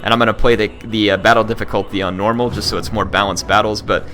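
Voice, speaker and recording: A man's voice: fairly low pitch, fairly even intonation, quick pace, bright, forceful tone. A man talking casually to his viewers as a gaming video host, earnest and rambling with frequent restarts. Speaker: gaming YouTuber.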